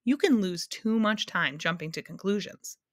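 A woman's voice: mid-range voice, animated, normal speed, no room sound, studio quality, natural voice. A woman reading aloud and voicing an earnest, curious young boy in a storybook.

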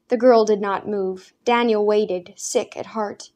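Reading from a script, this female audiobook narrator tells a story at a steady, even pace in a medium pitch.

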